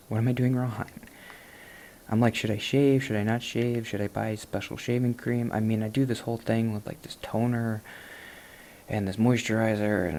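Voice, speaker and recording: Low gravelly man rambling casually. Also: slight background noise. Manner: self-deprecating, rambling, soft-spoken. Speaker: gaming vlogger.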